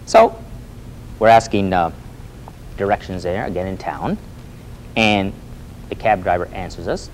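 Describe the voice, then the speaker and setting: A man teaching a lively Spanish lesson, repeating phrases for students to echo and coaxing them with a questioning "Hmm?". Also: sits low, measured pace, pauses often, a little hiss or hum. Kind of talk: lively spoken language lesson.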